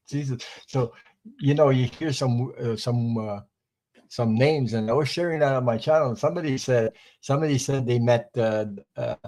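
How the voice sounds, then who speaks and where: In a rough recording, an older guest from French Canada talks in a dark, medium-pitched voice. He meanders through amusing anecdotes during a casual storytelling chat, laughing along at his own stories.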